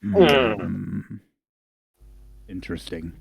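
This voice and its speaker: An ancient lizard wizard, huge and stern, rumbles out slow, gruff words and thoughtful hums, as a man puts him on. The voice sits low, and the tabletop game recording is close and dry. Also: sing-song, no echo, full character voice.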